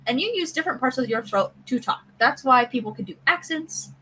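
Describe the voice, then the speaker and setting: A woman from the American South hosting a podcast, chatting casually and telling stories with lively voice play. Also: high voice, fairly quick, a little hiss or hum, low-quality recording. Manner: chatty, animated storytelling with voice play. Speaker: podcast host. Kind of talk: casual chat.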